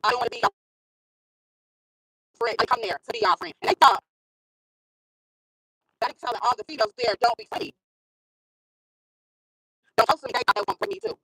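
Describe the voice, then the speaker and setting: This is a woman with a high, bright-sitting voice, recorded close and dry. She vlogs casually about her own life, pressing her points hard and repeating lines to drive them home. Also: quick pace, pauses often, slightly rough, no echo, low-quality recording. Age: adult with a school-age son. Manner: emphatic, repeats phrases for stress. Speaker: vlogger. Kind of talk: casual storytelling monologue.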